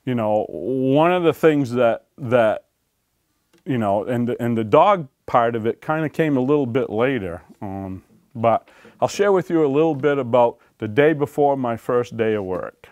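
A man, an author and former game warden, telling stories to a library audience in a folksy, animated way, acting out quotes and laughing along. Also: medium pitch, unhurried, no room sound. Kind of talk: storytelling talk to an audience. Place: library talk room.

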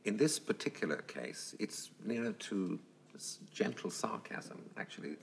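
A man's voice: lowish voice, expressive, a little slow, gravelly, a little hiss or hum. A man, an actor, raising hedged objections and quibbling over definitions with his teacher. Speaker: actor in a masterclass. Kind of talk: argumentative discussion.

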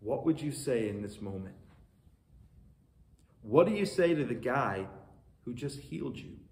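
A man preaching a sermon, reading scripture and retelling it in a conversational, animated way with questions to the listeners. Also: mid-range voice, unhurried, roomy sound. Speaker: pastor.

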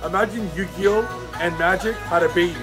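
A man's voice: high-pitched, music in the background. A young man hosting a gaming vlog, hyped and boastful as he explains a card game. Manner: hyped, boastful, fast-talking. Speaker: gaming YouTuber host.

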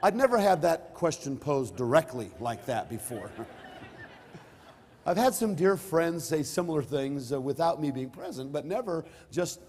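A man's voice: fairly high pitch, expressive, a little slow, darkish tone, slight background noise. A middle-aged male pastor preaching a sermon, mixing scripture with a personal story, emphatic and rising and falling in force. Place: church sanctuary. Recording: reverberant hall.

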